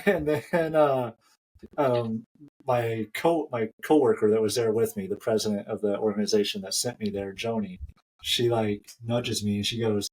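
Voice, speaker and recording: A man's voice: lowish voice, steady tone, normal speed, darkish tone, slightly rough. A man hosting a running podcast, telling a story in a chatty way and laughing often. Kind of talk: casual chat.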